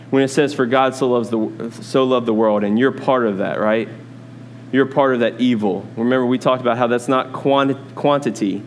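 A man's voice: mid-range voice, a little hiss or hum. A man preaching a sermon, teaching from scripture in a conversational way with asides to his congregation. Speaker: pastor.

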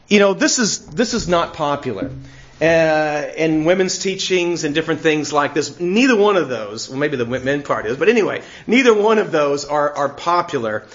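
A man's voice: fairly high pitch, animated, normal speed, fairly bright tone, dull audio. A middle-aged man preaching a sermon in an earnest way, laughing often and repeating words as he searches for them. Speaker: pastor.

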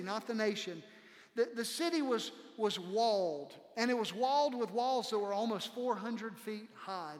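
A male pastor preaching a sermon, dramatic and slowing down hard to land key words. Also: high-pitched, fairly bright tone, long reverb tail. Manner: dramatic preaching, slows for emphasis.

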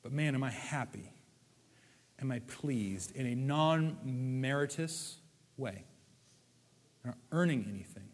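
A man's voice: medium pitch, expressive, unhurried, pauses often, in a large hall. A man preaching a sermon in a conversational way, with playful acted asides. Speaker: pastor.

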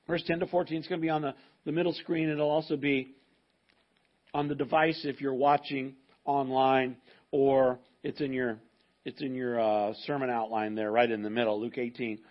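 Husky-voiced male pastor preaching. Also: fairly high pitch, lo-fi sound. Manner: emphatic, conversational preaching with restarts. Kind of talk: sermon. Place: church service with a live congregation.

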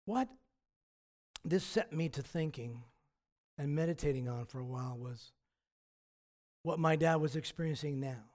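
A man's voice: on the high side, unhurried, pauses often, darkish tone. A male pastor preaching a sermon in a reflective, conversational way, often restarting his phrases.

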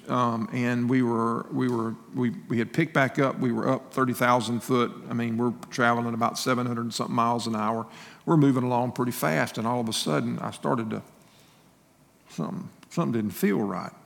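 A man's voice: medium pitch, steady tone, moderate pace, creaky, in a large hall. A male pastor giving a sermon in a folksy, conversational way, telling personal stories with restarts and laughing asides.

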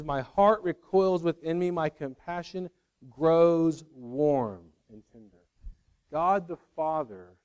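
Earnest male preacher, slightly high. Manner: earnest, swings from loud to hushed. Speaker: pastor. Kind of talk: sermon.

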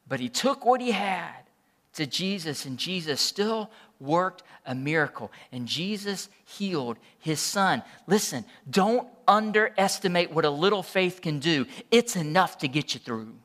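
Bright-voiced preaching man in a hall. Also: sits high. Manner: impassioned preaching with repeated restarts. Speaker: pastor. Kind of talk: sermon.

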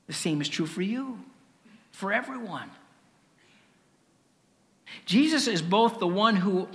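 Slow, gravelly preacher in a big hall. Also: male voice, sits high, sharp tone. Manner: earnest preaching with rhetorical questions and dramatic pauses. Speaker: pastor. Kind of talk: sermon.

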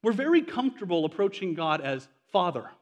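A male pastor in his forties with a high voice delivers a sermon in a conversational way, tossing rhetorical questions and casual asides to his congregation. His voice rings out with a long hall reverb around it. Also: sing-song, a little fast, muffled recording.

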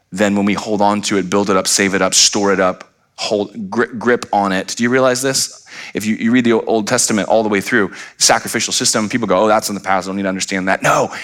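A man's voice: fairly low pitch, a bit bright. A middle-aged man preaching a sermon as pastor, emphatic and full of rhetorical questions, sometimes acting out voices.

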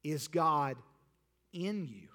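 A man's voice: a little high, very animated, drawn-out words. Man preaching in a reverberant hall. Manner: rising to emphatic peaks, then dropping soft and intimate. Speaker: pastor. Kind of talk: sermon with altar call. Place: church sanctuary.

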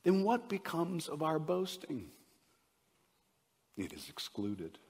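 Husky pastor preaching in a reverberant hall. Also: male voice, a little high, huge pitch swings, takes it slowly. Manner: swings from loud emphasis to hushed near-whispers. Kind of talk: sermon.

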